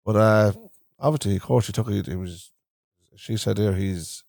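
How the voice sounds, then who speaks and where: A man's voice: lowish voice, moderate pace, vocal fry, darkish tone, no echo, studio quality. Irish Traveller man telling family stories. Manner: rambling, repeats himself, storytelling. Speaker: podcast host. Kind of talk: casual podcast chat. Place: caravan.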